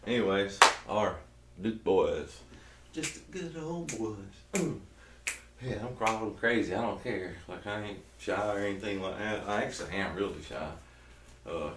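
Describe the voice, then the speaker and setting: A man in his thirties with a thick Southern drawl talks loosely and jokily, starting sentences over and drifting between thoughts. His voice sits on the low side. He sounds set back from the mic in a roomy, echoing space. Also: steady tone, a little fast, recorded from a distance, slight background noise. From South Georgia, US. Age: 30s. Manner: rambling, jokey, self-interrupting. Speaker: keto vlogger. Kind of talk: casual rambling vlog.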